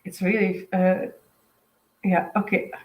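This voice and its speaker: Slow, dreamy woman with a Dutch accent. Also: on the low side, level tone, darkish tone, reverberant, rough recording. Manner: dreamy, halting, with many fillers. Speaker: intuitive medium giving a weekly reading. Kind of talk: live-streamed spiritual reading, casual chat.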